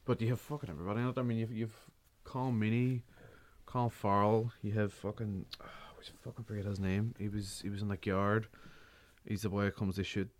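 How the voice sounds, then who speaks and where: A man's voice: on the low side, level tone, a little fast. A man chatting casually about films, swearing often, rambling and laughing a lot. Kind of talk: casual film chat.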